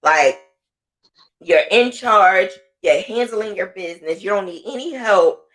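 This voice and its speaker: A woman's voice: medium pitch, animated, a little slow, a bit bright. A woman hosting a podcast, telling her own story in casual talk and often repeating phrases for emphasis. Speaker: podcast host.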